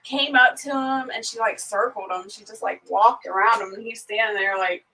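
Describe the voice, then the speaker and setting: A woman's voice: medium pitch, moderate pace, bright, forceful tone, recorded from a distance, rough recording. A woman hosting a casual morning livestream, chatting easily, laughing often and greeting viewers by name. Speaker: livestream host. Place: at home on a small farm.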